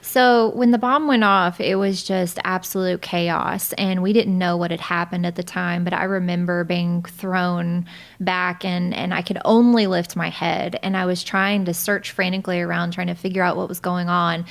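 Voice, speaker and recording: A woman's voice: on the low side, steady tone, normal speed, vocal fry. A woman in her thirties, a podcast guest, telling her personal story in a vivid, candid way, often breaking into laughter.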